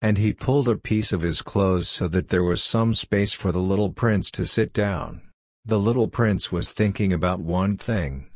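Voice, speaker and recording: Man narrating a storybook, measured. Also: on the low side, a little mellow, no room sound, studio quality. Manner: measured, simple reading.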